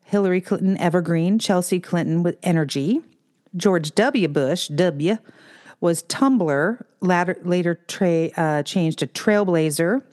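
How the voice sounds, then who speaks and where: A woman co-hosting a casual chat over a remote call, talking in an animated, storytelling way. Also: lowish voice, unhurried. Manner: chatty, animated storytelling with put-on quote voices.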